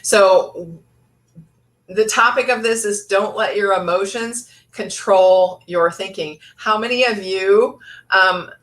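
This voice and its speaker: A woman's voice: mid-range voice, slow pace, a bit bright. A woman life coach giving an earnest motivational talk, with many fillers and restarts.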